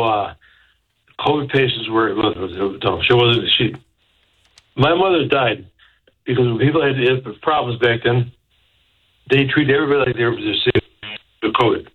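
A man calling in to a radio show, halting and tearful, speaking with many fillers. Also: mid-range voice. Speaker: caller. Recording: muffled phone line.

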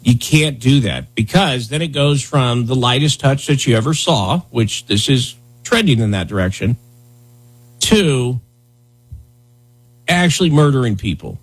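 A man's voice: medium pitch, animated, unhurried, husky, poor audio. A man hosting a political commentary show, talking bluntly and heatedly, often repeating himself.

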